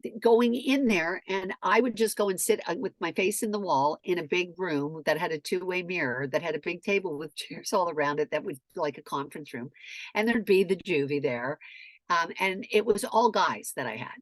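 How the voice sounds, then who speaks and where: A middle-aged woman in casual storytelling chat, animated and profane, acting out shouted quotes. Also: lowish voice, normal speed, no room sound, clean studio sound.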